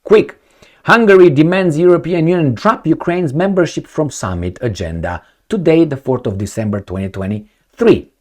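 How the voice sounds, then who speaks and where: Animated, rambling male vlogger. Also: fairly high pitch, moderate pace. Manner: animated, rambling, sarcastic, swears. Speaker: political commentary vlogger. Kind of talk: casual rambling commentary.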